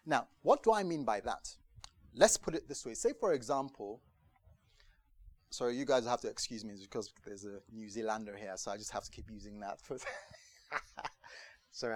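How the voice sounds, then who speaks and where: A man preaching a conversational sermon to a congregation, lively and chatty, acting out the voices he quotes and often asking if they understand. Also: mid-range voice, dry recording. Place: church gathering in the UK.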